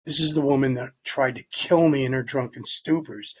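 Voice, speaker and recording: A man telling a personal story in plain, halting words, sometimes dropping almost to a whisper. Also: medium pitch, husky, lo-fi sound. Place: Long Island, New York.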